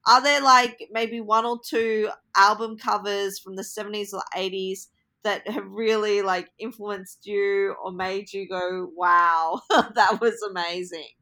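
Female interviewer, bright tone, friendly, laughs easily. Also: mid-range voice, level tone, a little slow. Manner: friendly, laughs often, hesitant fillers. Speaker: interviewer host. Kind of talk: interview conversation.

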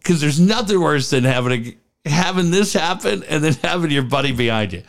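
Man, middle-aged, gravelly voice, lively swoops in pitch, casual storytelling chat. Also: brisk. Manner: animated, laughing, swearing, acts out voices. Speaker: podcast co-host.

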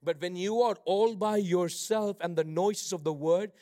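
A man with a notably high voice preaches a sermon. He shifts between hushed, thoughtful stretches and ringing, shouted declarations of faith. When he strays from his script, he trips over fillers and restarts. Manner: swings from quiet reflection to loud preaching shouts; halting restarts and fillers when speaking off the cuff. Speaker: pastor.

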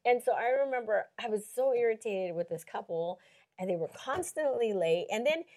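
A woman's voice: medium pitch, expressive, normal speed, a little mellow. A woman in casual chat, telling a story with animation, often laughing and saying "you know.".

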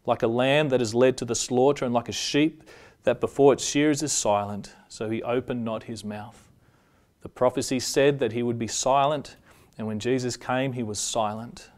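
A man preaching a sermon, reading scripture passages aloud in a measured way and slowing down on the solemn lines. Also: medium pitch, a little mellow.

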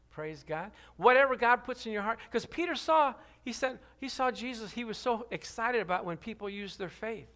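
Bright, high-voiced man preaching a sermon. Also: normal speed. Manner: animated, laughs often, calls out to the congregation; voice drops low for scripture and rises to loud cries. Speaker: pastor.

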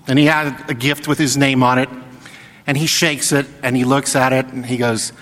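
A man's voice: medium pitch, little pitch movement, moderate pace, a bit bright. A man, a parish priest, giving a Sunday homily built around anecdotes and a joke. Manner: storytelling homily with acted quotes. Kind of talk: sermon. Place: church. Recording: long church reverb.

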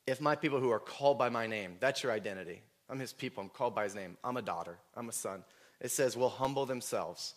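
A man preaching a sermon, earnest and emotional, telling personal stories and at times rising almost to a shout. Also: mid-range voice. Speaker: pastor.

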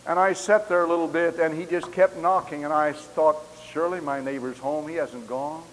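A man preaching a camp meeting sermon, telling a story with impassioned delivery that rises to loud exclamations. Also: a little high, fairly even intonation, moderate pace. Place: large camp meeting hall. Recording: long hall reverb with faint hiss.

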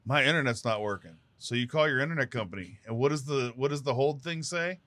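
A man co-hosting a casual talk show, animated and joking. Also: medium pitch, quick pace, no echo. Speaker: co-host. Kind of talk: casual radio show chat.

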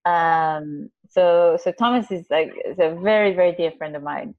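A woman's voice: on the low side, moderate pace. A woman telling a personal story in casual conversation, rambling with many restarts and fillers and acting out voices. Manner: animated, acts out quoted voices. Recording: slightly muffled recording.

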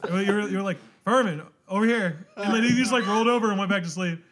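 A young man with a slightly high voice trades stories on a casual podcast. He swears freely and laughs through his own anecdotes. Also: racing, noisy background. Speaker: podcast host. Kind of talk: casual chat.

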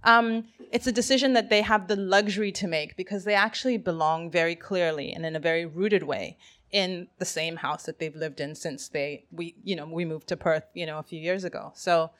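A woman in a casual conversation, talking in an animated way with many fillers and restarts. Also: fairly low pitch, brisk. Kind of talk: casual chat.

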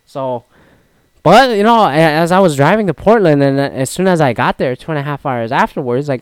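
Smooth-voiced man in rambling sports chat. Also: a little high, animated, fairly quick, no echo. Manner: rambling, profane, frequent restarts. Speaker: podcast host. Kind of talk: casual solo sports chat.

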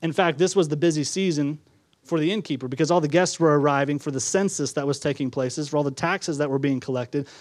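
A man's voice: fairly high pitch, fast, no echo. A male pastor preaching a sermon in a conversational way, acting out quotes with a chuckle now and then.

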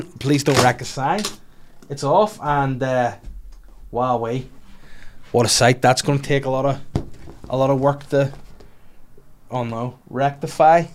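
A man's voice: medium pitch, a little hiss or hum. A man, a comedian hosting his podcast, chatting casually and crudely through listener questions and swearing freely.

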